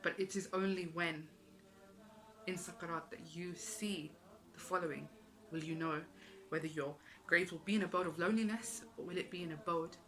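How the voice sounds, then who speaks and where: A woman's voice: on the low side, fairly even intonation, normal speed, a bit bright, poor audio. A woman giving an earnest, emotional religious talk, repeating phrases for emphasis. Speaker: Islamic speaker.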